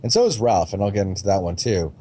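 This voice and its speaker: A man's voice: sits low, lively intonation, fast talker, warm tone, a little hiss or hum. A man giving a casual, rambling review of movie trailers, with frequent ums and restarts and a blunt, sometimes profane way of talking.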